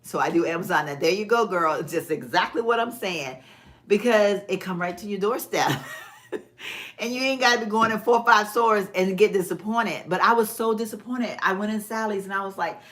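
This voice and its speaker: A woman's voice: medium pitch, a little fast, fairly bright tone. A woman, hosting a casual live stream and chatting folksily with viewers while she does her nails. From Texas. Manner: chatty, folksy, laughs often, talks to viewers as "girl". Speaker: vlog host. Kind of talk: casual livestream chat.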